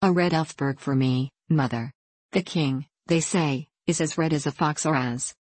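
A woman reading the lines of a merry, mischievous young female innkeeper's daughter in a storybook, teasing and playful, in a low voice. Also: measured pace, darkish tone, no echo.

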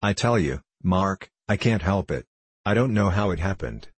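A man voicing a huge, slow-witted man who stammers and repeats himself helplessly in a storybook reading. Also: lowish voice, big pitch swings, a little mellow, slightly rough, exaggerated voice. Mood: pleading.

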